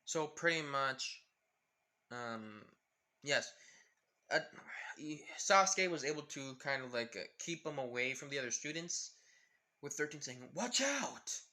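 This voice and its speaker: A man's voice: mid-range voice, measured pace, pauses often, pushed and bright. A young man casually retelling a fan story, rambling with lots of restarts. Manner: rambling, full of fillers and restarts.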